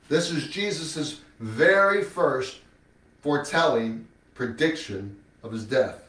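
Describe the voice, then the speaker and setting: Male preacher, higher-pitched, emphatic sermon delivery that swings loud to hushed; recorded at a distance. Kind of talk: sermon with scripture reading. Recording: echoey room, mic at a distance.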